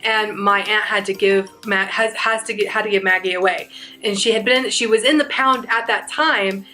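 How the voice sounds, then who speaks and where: A woman's voice: mid-range voice, fairly even intonation, normal speed, pushed and bright, faint music behind. A young woman vlogger chatting through a storytime, rambling and restarting her sentences as she goes. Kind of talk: casual storytime.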